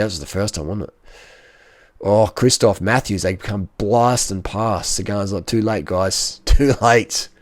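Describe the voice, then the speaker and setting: Excitable slangy man commenting, dry sound. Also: lowish voice, dry recording. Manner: excitable and slangy, full of exclamations. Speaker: cycling vlogger. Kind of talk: casual commentary over race footage.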